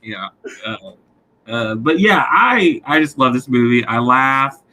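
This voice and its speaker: Male co-host, mid pitch, bright forceful tone, enthusiastic casual chat. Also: lively intonation, a little slow, rough recording. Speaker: podcast co-host.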